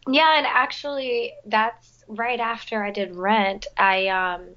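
A woman's voice: on the high side, steady tone, slow. Young woman chatting away, lots of likes and you knows, kinda muffled sound. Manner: chatty, lots of fillers and restarts. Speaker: guest, musical theater performer. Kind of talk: casual chat.

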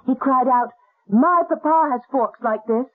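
A calm, matter-of-fact figure, slightly husky; thin lo-fi radio sound. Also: male voice, fairly high pitch, moderate pace. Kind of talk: 1970s radio drama acting. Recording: tinny lo-fi old radio broadcast.

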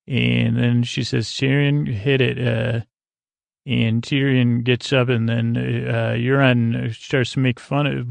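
A podcast host, a man, walks through a TV episode scene by scene in a rambling, offhand way, stopping often on fillers. His voice is deeply gravelly and rough with fry, and his pitch stays fairly flat. The sound is close and dry, with no room around it. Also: dry recording. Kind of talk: casual scene-by-scene recap narration.

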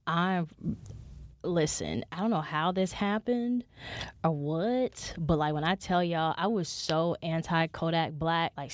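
Profane, animated young woman storyteller. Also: deep voice, dry recording. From New York City. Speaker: podcast host. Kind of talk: casual storytelling monologue.

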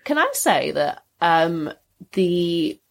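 Chatty woman podcast co-host, low voice. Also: very slow, vocal fry. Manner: chatty, animated, swears casually. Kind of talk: casual chat.

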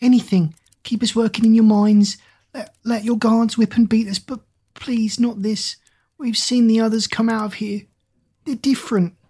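Narrator doing a scared young woman begging, voice pitched way up, storybook. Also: little pitch movement, moderate pace, warm tone, breathy edge. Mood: pleading. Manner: begging, pleading. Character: terrified young woman pleading for mercy.

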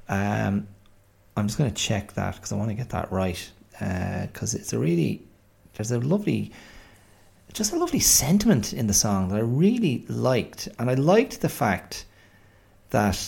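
A man's voice: on the low side, gravelly, a little mellow, husky. A man in his forties, hosting a podcast in a rambling, self-deprecating, chatty monologue. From Ireland. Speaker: podcast host. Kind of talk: casual monologue.

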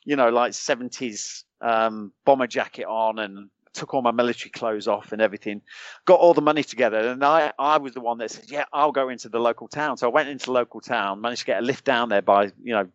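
A British man recounts his old soldiering days as a podcast guest, casual and animated, breaking into chuckles and stopping to restart his sentences. His voice sits at an ordinary pitch. The recording is dry and a little muffled. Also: quick pace, no room sound. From United Kingdom. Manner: animated anecdotes, chuckles often, many restarts. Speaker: podcast guest, former special forces soldier. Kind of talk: casual storytelling.

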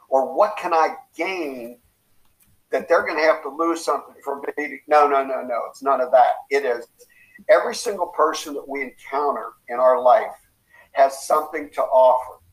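A man speaking as a coaching guest in casual motivational talk. He tells his stories with animation and acts out quotes with big jumps in pitch. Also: animated, moderate pace, creaky, low-quality recording.

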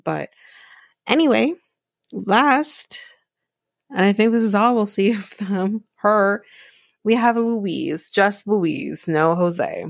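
A woman's voice: mid-range voice, animated, slow, creaky, long pauses, no echo, clean studio sound. A woman hosting a podcast, recapping a reality show in a blunt, profane, exasperated rant. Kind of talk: casual solo recap.

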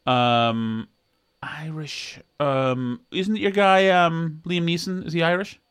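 A man's voice: slow pace, smooth, dry recording. A man co-hosting a podcast, chatting casually in a joking, rambling way. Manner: joking, rambling, lively swings of pitch. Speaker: podcast co-host. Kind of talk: casual chat.

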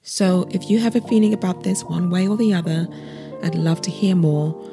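A woman's voice: on the low side, normal speed, gravelly, over music. A young British woman of Nigerian heritage hosting a podcast, reading a reflective essay aloud in an earnest way. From Britain, Nigerian heritage. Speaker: podcast host. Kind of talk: casual intro then read-aloud essay.

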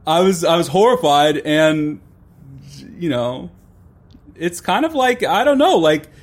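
A man's voice: a little high, expressive, a little slow. A man in casual conversation, giving opinionated commentary on film and politics, with many restarts and fillers.

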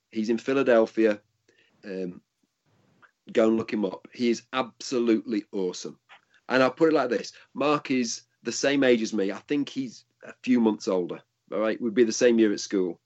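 A man's voice: lowish voice, darkish tone. Man, middle-aged, martial arts coach, casual chat, rambling, muffled audio. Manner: rambling storyteller, restarts sentences.

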